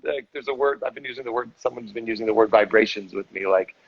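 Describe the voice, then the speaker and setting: A man's voice: lowish voice, quick pace, creaky, husky, dull audio. A man, an actor and director, talking casually and reflectively in a live video chat, rambling a little and sounding tired. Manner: reflective, rambling, self-deprecating.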